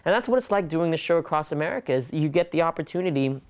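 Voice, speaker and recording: A man from California in a relaxed interview, talking earnestly and in an animated way, laughing easily between points. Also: a little high, fast talker, clear, resonant tone. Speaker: interview guest, stage performer. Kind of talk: conversational interview.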